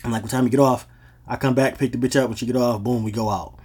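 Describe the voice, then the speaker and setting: A podcast host tells stories from his own life, speaking fast in a medium-pitched, steady voice that's a little mellow and slightly rough. His style is laid-back and slangy, and he keeps dropping "you know what I'm saying."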